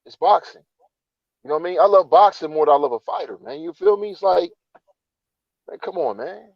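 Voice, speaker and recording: A man's voice: sits high, animated, fairly quick, gravelly, dry recording, highs cut off. A man co-hosting a casual boxing chat, emphatic, ending almost every phrase with "man". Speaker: boxing podcast co-host.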